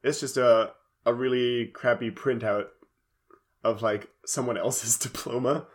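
A man's voice: medium pitch, steady tone, measured pace. A man co-hosting a casual podcast, recapping an anime episode with dry joking asides. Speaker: podcast co-host.

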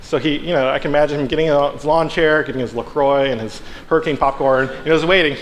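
A man delivers a relaxed, conversational sermon and slips into the characters' voices as he retells the story. His voice sits a little higher than most men's. It carries a long reverb from the hall, with faint noise underneath. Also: fast. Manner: animated storytelling, acts out characters with playful asides. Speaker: preacher. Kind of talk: casual sermon.

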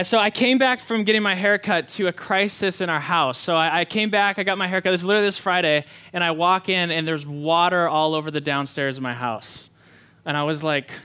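Young-ish pastor, animated and quick, clear bright voice. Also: male voice, on the high side. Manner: quick, animated storytelling with many fillers; hushed, slow prayer. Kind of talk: sermon with prayer and story. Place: church hall.

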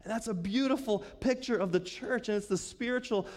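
A man's voice: sits high, brisk. A man preaching a conversational sermon as pastor, asking the congregation questions and laughing often. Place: church sanctuary. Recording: long reverb of a church hall.

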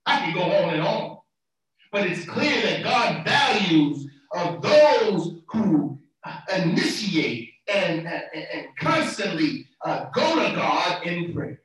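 Male preacher, high and animated, fervent delivery with repeated words; far-off mic, very roomy echo. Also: unhurried. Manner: fervent preaching that swings from soft talk to shouts; repeats words and phrases for emphasis. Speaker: pastor. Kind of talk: sermon.

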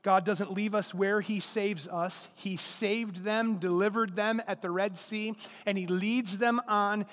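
A man's voice: high-pitched, a bit bright. A male pastor preaching a sermon in a conversational, emphatic way, full of rhetorical questions and repetition. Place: church service in a large hall. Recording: long hall reverb.

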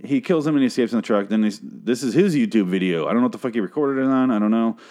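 A man's voice: mid-range voice, racing, mellow. A young man giving a casual, profane, exasperated recap of a TV show.

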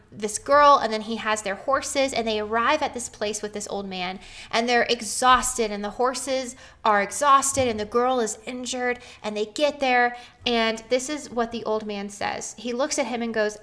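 A woman in her thirties telling a personal story on a podcast, earnest and animated, often laughing as she talks. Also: a little high.

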